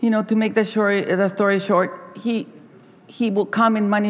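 A middle-aged woman giving a sermon as a church speaker, telling stories in a halting way, repeating words and acting out story voices. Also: mid-range voice, flat delivery, big-room sound.

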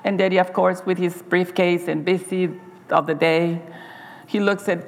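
A middle-aged woman speaks from the front of a church, her low voice gravelly at the edges. She preaches in a halting, storytelling way, repeating words and slipping into the voices of her characters. Her words trail off into a long reverb from the hall. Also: flat delivery. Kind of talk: sermon with storytelling.

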